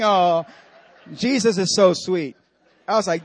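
A man preaching and telling a story in an animated way, acting out what was said and dropping to a hush for the serious parts. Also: sits high, unhurried, long pauses, no room sound. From Dominican Republic. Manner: animated, acts out quotes with dramatic drops to a hush. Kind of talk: sermon storytelling.

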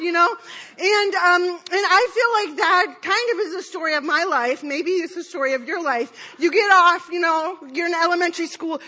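A woman's voice: very high-pitched, normal speed, sharp tone. A woman preaching a conversational sermon, rambling through a self-deprecating personal story with many fillers and asides. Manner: self-deprecating, laughing at herself. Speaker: speaker at church.

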